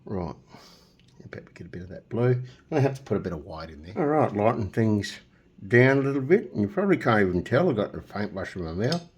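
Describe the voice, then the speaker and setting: A middle-aged man talks through a casual painting lesson in a low voice that jumps around with lively intonation. He keeps up a joking, chatty commentary while he works and drifts into humming silly nonsense tunes. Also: fast, slightly rough. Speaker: painting tutorial host.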